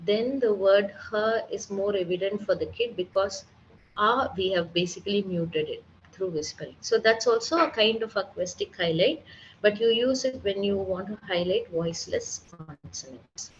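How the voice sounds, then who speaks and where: A woman speech therapist gives a seminar lecture, patiently walking the audience through her methods step by step and sounding out example sounds herself. She speaks at a moderate pace in a mid-range voice, and the recording is slightly dull and muffled with a faint hiss beneath.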